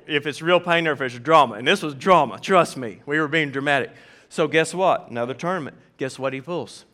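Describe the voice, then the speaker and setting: A man with a Southern US accent preaching a sermon in a church, telling stories animatedly and acting out the quotes. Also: fairly high pitch. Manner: animated storyteller, acts out quotes. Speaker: pastor.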